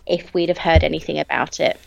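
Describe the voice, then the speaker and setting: Chatty fangirl cohost, lowish voice, dull lo-fi mic. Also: fairly even intonation, fairly quick, gravelly. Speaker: podcast co-host. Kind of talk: casual chat.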